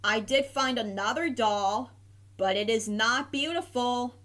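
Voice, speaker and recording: A grumpy storybook grouch who lives in a trash can and answers everyone gruffly and curtly, as a woman reading aloud does him. His lines come slowly and bluntly. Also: fairly high pitch, fairly bright tone.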